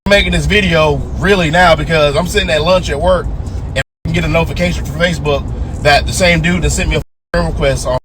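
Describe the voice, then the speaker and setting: Vehicle and street noise surround this man in his twenties as he talks in a car, his pitch fairly high and his pace fairly quick. Casual and profane, he tells a story with animation, putting on voices for everyone he quotes.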